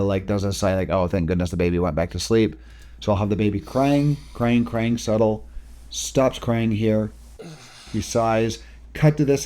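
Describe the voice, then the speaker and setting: A man talking through video editing steps in a casual software tutorial, explaining each click as he goes. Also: fairly low pitch. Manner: casual, talks through each step while working. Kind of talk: screen-recorded software tutorial.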